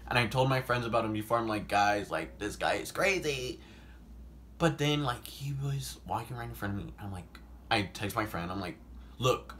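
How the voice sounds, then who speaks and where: A young man tells a storytime tale to camera in a bright, forceful voice. His delivery is animated and profane, full of "like" fillers and sudden loud bursts. There is faint noise in the background. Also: medium pitch, fast. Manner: animated, swears often, heavy "like" filler, sudden loud outbursts. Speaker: vlogger. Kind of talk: casual storytime monologue.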